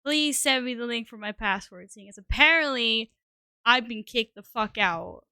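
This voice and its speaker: Woman streamer rambling to chat, bit high voice, dry close mic, swears a lot. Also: lively intonation, moderate pace, pushed and bright, clean tone, no echo. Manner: scattered, self-deprecating, swears often. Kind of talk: casual live-stream chat.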